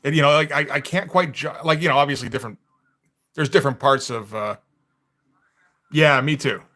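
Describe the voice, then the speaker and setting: A man's voice: a little high, fairly quick, bright, forceful tone. A man chatting casually on a livestream while he draws, rambling, laughing often and restarting his sentences. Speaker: comic artist livestreaming.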